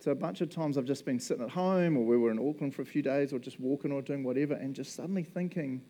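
A man with a New Zealand accent delivers a relaxed, conversational sermon. His voice is mellow and sits in a middle pitch, and he keeps the mood light with jokes and chuckles. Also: quick pace. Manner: chatty, joking, often laughing. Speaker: preacher.

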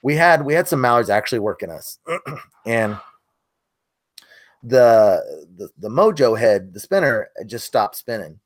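A man's voice: mid-range voice, very animated, unhurried, pauses often, no room sound, studio quality. A middle-aged man co-hosting a casual podcast, telling a hunting story in an earnest, self-critical way. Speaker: podcast co-host, hunting video maker. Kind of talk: casual chat.

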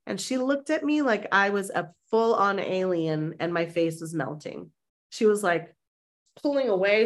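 A woman, a mindset and manifestation coach, telling a lively personal story as a podcast guest and acting out the people in it. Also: medium pitch, a little slow. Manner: animated, acts out quoted voices; conversational with fillers like "like". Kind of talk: anecdotal storytelling in an interview.

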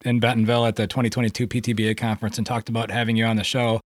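A man hosting a podcast interview, relaxed and conversational as he steers toward the next topic. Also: fairly low pitch, very fast, no room sound, clean studio sound. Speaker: podcast host.

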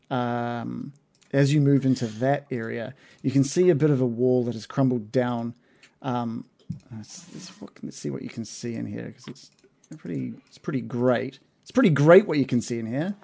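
Gravelly-voiced man running a tabletop game. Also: medium pitch, normal speed, warm tone. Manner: hesitant, many fillers and restarts. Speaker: game master.

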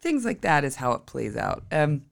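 A woman's voice: very deep voice, very animated, moderate pace, creaky, no room sound, clean studio sound. A woman hosting an astrology podcast, telling a rambling, chatty story in a casual monologue.

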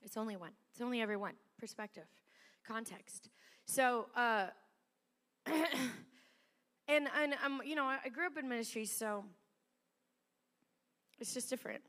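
Woman, middle-aged, pastor, sermon storytelling, high voice, long church reverb. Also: a little slow, pauses often. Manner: chatty, animated, laughs often. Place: church sanctuary.

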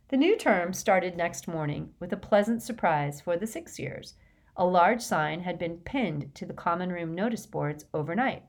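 A woman narrating an audiobook with measured, lively storytelling. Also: on the low side. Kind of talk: scripted narration.

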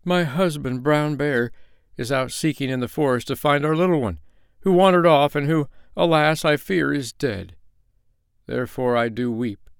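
A man's voice: fairly high pitch, lively intonation, normal speed, gravelly, clear, resonant tone, no room sound, studio quality, pitched above the performer's own voice. A man doing a weeping mother bear. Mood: grieving. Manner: sobbing, pleading, then overjoyed. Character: grieving mother bear, wife of a great bear.

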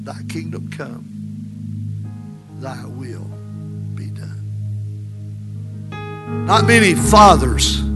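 A male preacher, delivering a sermon with sudden loud rises that drop back low. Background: music playing.

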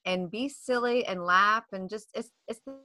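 A woman co-hosting a podcast, bubbly and animated as she recalls a fun night. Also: medium pitch, normal speed. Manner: bubbly, animated, big swings in voice. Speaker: podcast co-host. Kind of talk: casual chat.

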